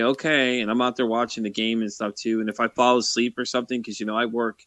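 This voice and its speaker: A man's voice: medium pitch, little pitch movement, fast talker, fairly bright tone, dry recording. A man chatting on a podcast, talkative and joking in easy banter. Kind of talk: casual chat.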